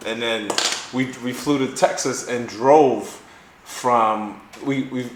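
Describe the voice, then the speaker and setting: A man's voice: medium pitch, takes it slowly. Male co-host, casual and profane, a laughing storyteller; echoey room with a faint hiss. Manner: animated storyteller, swears freely, laughs often. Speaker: podcast co-host. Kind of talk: casual chat.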